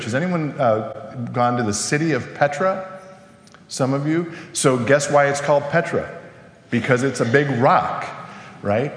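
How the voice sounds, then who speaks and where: A man's voice: mid-range voice, expressive, normal speed. A male pastor giving a conversational sermon, putting questions to the congregation. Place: church sanctuary. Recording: echoey hall with long reverb.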